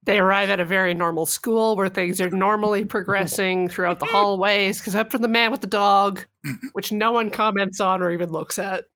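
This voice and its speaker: A woman's voice: mid-range voice, fairly even intonation, normal speed, a bit bright. A woman co-hosting a casual movie podcast, recapping plot points in a dry, matter-of-fact way. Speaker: podcast co-host.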